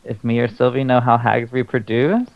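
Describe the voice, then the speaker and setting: A man's voice: medium pitch, fairly even intonation, normal speed, vocal fry, dull audio. A man playing a tabletop game, talking in a casual, wry and slightly unsure way. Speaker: player. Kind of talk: tabletop role-play, casual.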